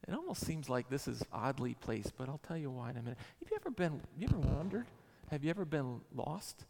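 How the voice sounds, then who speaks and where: A man's voice: medium pitch, expressive, a little fast, vocal fry, a little mellow. A man in his forties preaching a sermon in a church, with an emphatic, repetitive cadence. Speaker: pastor. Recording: long hall reverb.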